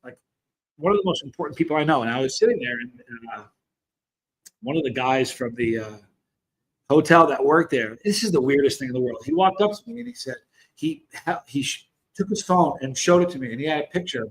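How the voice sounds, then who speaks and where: A man's voice: fairly high pitch, lively intonation, fairly quick, slight background noise, low-quality recording. A man in his fifties from the United States, hosting a casual livestream and rambling through stories while greeting viewers by name. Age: 50s. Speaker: host of a chili channel.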